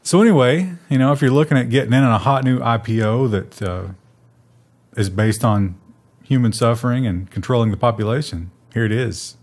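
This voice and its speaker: A man's voice: mid-range voice, a little fast, a little mellow. A man co-hosting a tech news show in casual chat, making dry, sarcastic jokes.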